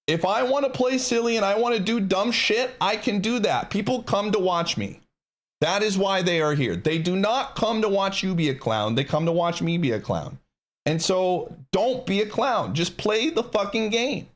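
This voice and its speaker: A man's voice: sits high, lively intonation, moderate pace. Frustrated male streamer ranting. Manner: frustrated, emphatic, insistent. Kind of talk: live-stream rant to chat.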